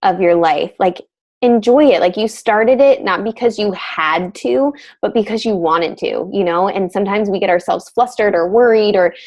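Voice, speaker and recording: A woman's voice: medium pitch, moderate pace, darkish tone, rough recording. A woman coaching her team on a casual group video call, upbeat and gushing, with lots of "like" and "you know". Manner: gushing, upbeat, filler-heavy.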